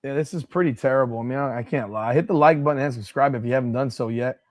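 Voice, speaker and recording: A man's voice: medium pitch, fast. Blunt, profane male watch-party streamer. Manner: blunt and profane, breaks into exasperated outbursts. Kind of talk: live play-by-play watch-along commentary.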